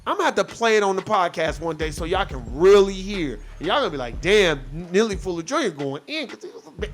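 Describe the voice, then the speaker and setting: High-pitched man ranting, profane and heated. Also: sing-song, fast, soft background music. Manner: profane, heated, mocks others in quoted voices. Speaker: podcast host. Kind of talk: casual ranting commentary.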